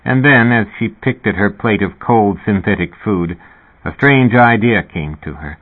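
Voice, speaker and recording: A man narrating a novel in a measured, even reading. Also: fairly low pitch. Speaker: audiobook narrator. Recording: narrow, phone-like sound.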